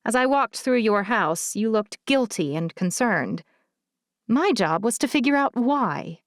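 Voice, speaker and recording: A woman narrating an audiobook, voicing a kind, frank older female social worker who speaks gently and candidly. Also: on the high side, animated, a little slow, no echo, studio quality. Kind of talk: audiobook character voice.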